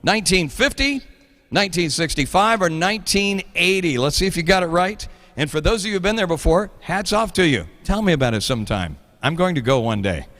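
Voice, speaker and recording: Man in his 50s, trivia host, bright and lively voice, joking and rambling, long reverb. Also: high-pitched, brisk. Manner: playful, jokey, rambling. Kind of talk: live trivia show hosting.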